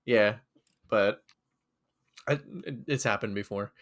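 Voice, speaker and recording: A man's voice: fairly low pitch, takes it slowly, fairly bright tone. A young man co-hosting a podcast, telling a rambling story and laughing often. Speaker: podcast co-host. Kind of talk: casual chat.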